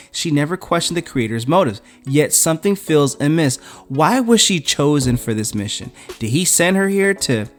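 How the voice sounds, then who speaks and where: A man, a comic book reviewer, chatting through a casual, animated retelling of a comic. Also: medium pitch.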